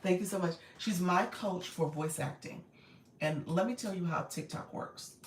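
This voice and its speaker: A woman with a naturally raspy voice, a bit strained today, hosting a casual live stream and greeting viewers warmly. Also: lowish voice, moderate pace, a little hiss or hum. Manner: warm, encouraging, greets viewers often. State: voice a little strained. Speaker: live-stream host and coach. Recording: echoey room.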